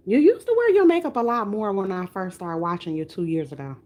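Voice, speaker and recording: A woman's voice: mid-range voice, lively intonation, a little fast, a little mellow. A woman with a light country twang, chatting casually on a livestream while she works on a reborn doll. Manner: chatty, talks while rooting doll hair.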